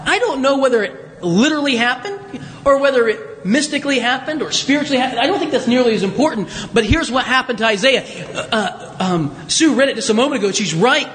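Brief: male pastor, very high voice, chatty self-deprecating sermon, long church reverb. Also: animated, brisk, a bit bright. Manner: conversational, self-deprecating, with many restarts. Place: church sanctuary.

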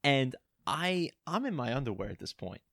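A young man telling an animated, laughing story in casual chat among friends. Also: medium pitch, moderate pace, creaky, dry recording, studio quality.

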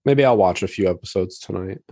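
A man's voice: sits low, fairly quick, dark tone, no echo, studio quality. A man co-hosting a podcast, chatting casually and laughing along easily. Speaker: podcast co-host. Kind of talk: casual chat.

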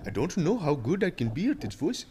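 A man on a casual podcast, giggly and a bit hesitant, quick to laugh. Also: a little high, sing-song, mellow, breathy edge. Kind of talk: casual chat.

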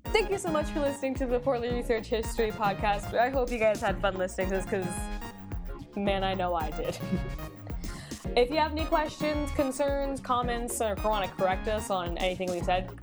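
A woman's voice: fairly high pitch, animated, fairly quick, music in the background. A young woman co-hosting a casual history podcast, giggling and joking as she talks. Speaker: podcast co-host. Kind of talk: casual chat.

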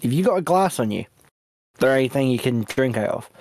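A man's voice: medium pitch, expressive, a little fast, darkish tone, dry recording. A man playing a tabletop game in character, brash and swearing, coaxing others. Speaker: player.

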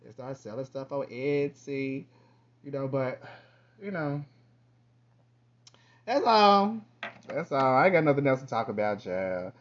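A man hosting his own podcast in a casual, rambling monologue, with lively bursts and quiet trailing asides. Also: mid-range voice, a little slow, pauses often, muffled recording. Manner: chatty, loose, drifts between topics. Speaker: podcast host.

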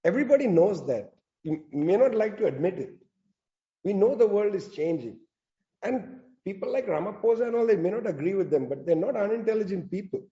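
A man's voice: high voice, animated, brisk, dark tone, dull audio. A man giving an impassioned political talk, emphatic with sarcastic asides. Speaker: speaker at a public talk. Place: in South Africa.

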